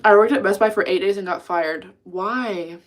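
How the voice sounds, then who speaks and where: A woman's voice: mid-range voice, moderate pace. Chatty young woman livestreamer venting. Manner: chatty, swears freely, vents and answers chat. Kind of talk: casual livestream chat.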